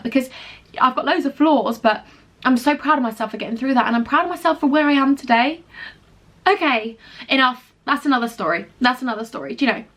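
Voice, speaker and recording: A woman's voice: a little high, expressive, brisk, a bit bright. A young woman, telling a storytime to camera at home in a chatty, emphatic, gushing way. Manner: chatty, emphatic, gushing, talks straight to viewers. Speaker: vlogger. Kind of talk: casual storytime chat to camera.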